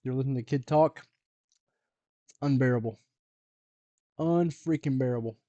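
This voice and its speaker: A man hosting a live music stream, chatting with viewers in a loose, joking way, drawing words out slowly for comic effect. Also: mid-range voice, warm tone, no echo, dull audio. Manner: joking, rambling banter with viewers. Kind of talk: casual chat on a live stream.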